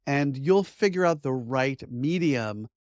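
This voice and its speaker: A man's voice: medium pitch, expressive, slow, no echo, studio quality. A middle-aged man, a media trainer, giving an upbeat, conversational lesson to camera. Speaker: media trainer and course instructor. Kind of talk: instructional talk to camera.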